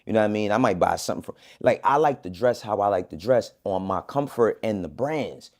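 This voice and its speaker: A man in a played clip, talking casually in a relaxed, slangy, conversational way. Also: lowish voice, fairly quick.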